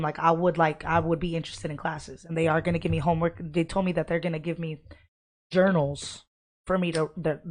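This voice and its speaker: A woman with a lowish voice tells a story on a podcast. She swears freely and talks in an animated, heated way. Her delivery is loose and conversational. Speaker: podcast co-host. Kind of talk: casual podcast chat.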